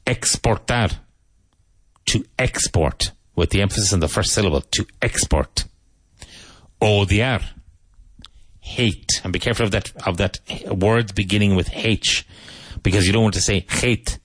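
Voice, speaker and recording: A man teaching English vocabulary, saying each word slowly, repeating it and spelling it out, with tips on pronunciation. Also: on the low side, dry recording. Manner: slow, deliberate, repeats and spells out words.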